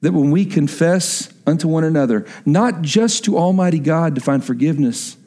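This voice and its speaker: A middle-aged man preaching a sermon as pastor, telling a story and then dropping into earnest, hushed emphasis. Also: on the high side, normal speed.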